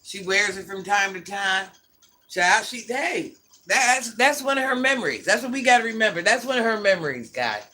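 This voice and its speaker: A woman's voice: medium pitch, animated, normal speed, sharp tone. Sassy older woman scolding her chat. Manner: sassy, scolding, blunt talk-back. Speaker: livestream host. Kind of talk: casual livestream chat, answering viewer comments.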